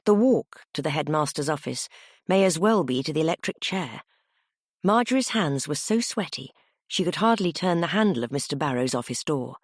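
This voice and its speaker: A woman narrating a cozy mystery audiobook in an expressive, animated storytelling manner. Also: low voice, moderate pace, no echo, clean studio sound.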